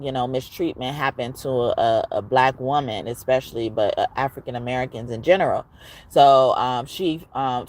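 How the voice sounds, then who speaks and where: A woman giving a casual, expressive tarot reading, at times reciting rhymes. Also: a bass voice. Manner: expressive, chatty, rhyming recital. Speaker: tarot reader.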